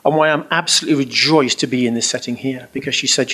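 A middle-aged man giving a personal testimony to a live audience, telling it as an animated, anecdotal story with chuckling asides and colourful everyday phrasing. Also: medium pitch, fast talker, hardly any pauses.

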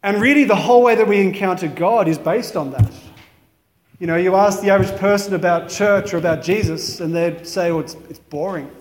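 A man's voice: sits high, a little fast, echoey room, big-room sound. A man giving a conversational, reflective sermon in a chapel. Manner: conversational, reflective, many "you know" fillers. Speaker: priest.

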